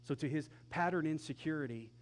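Animated pastor preaching a sermon. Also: male voice, fairly high pitch, brisk. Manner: conversational, animated storytelling, acts out quotes.

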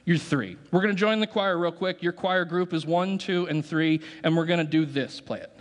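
A man's voice: a little high, normal speed. A man preaching as pastor, joking with the congregation while directing a group singing exercise in a church. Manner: playful, joking, directing the crowd. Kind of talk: sermon leading a congregation exercise. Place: church sanctuary.

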